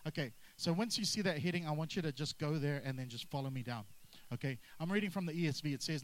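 A man preaching a sermon, energetic and drawing responses from the congregation. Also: fairly high pitch, quick pace, few pauses, poor audio. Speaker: pastor.

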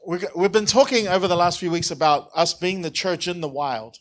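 A man's voice: sits high, a little fast, dry recording. A man preaching a conversational sermon, joking and asking the congregation questions. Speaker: pastor.

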